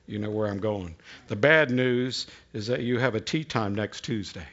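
A man pastor giving an unhurried, folksy sermon with prayer and jokes, often repeating words as he starts a sentence. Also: lowish voice, fairly bright tone, highs cut off. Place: church sanctuary.

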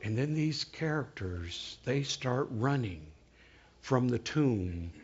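A man preaching a sermon as a story, animated, slowing right down for dramatic retelling. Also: mid-range voice, breathy edge. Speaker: pastor. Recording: dull lo-fi recording.

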